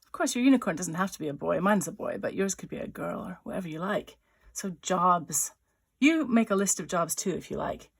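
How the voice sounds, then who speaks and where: A writer-illustrator teaches a drawing workshop in a lowish, creaky, slightly rough voice with lively intonation. She chats playfully as she draws, making little sound effects and thinking aloud, often pausing and restarting.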